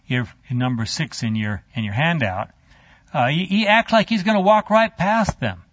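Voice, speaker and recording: A man's voice: a little high, no echo. Chatty man retelling a Bible story. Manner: animated, halting, chatty. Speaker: Bible teacher. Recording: dull lo-fi dry.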